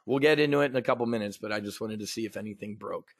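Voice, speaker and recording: A man with a lowish, creaky voice races through a market briefing he hosts, ranting bluntly and sarcastically with casual swearing and lots of restarts. It's profane, casual livestream commentary, recorded dry with studio quality.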